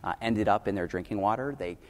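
Earnest low-voiced man in a hall. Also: quick pace. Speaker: panelist on farming and water policy. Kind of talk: panel discussion.

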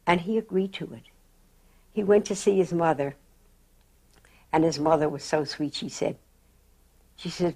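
An elderly woman recalling her youth in a slow, reflective oral history interview. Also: fairly low pitch, husky. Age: older. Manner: slow, reflective, animated in quotes.

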